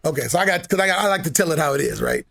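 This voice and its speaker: A man's voice: fairly high pitch, animated, very fast, vocal fry, fairly bright tone. A man from Seattle, a guest on a podcast, telling blunt and profane stories in casual chat. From Seattle, USA. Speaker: guest musician.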